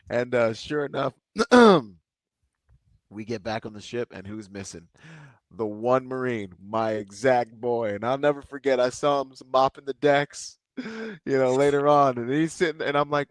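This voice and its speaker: A military veteran guesting on a podcast tells personal war stories in a relaxed, rambling way, filling gaps with filler words. His voice is medium-pitched at a normal speed, and the recording is dry.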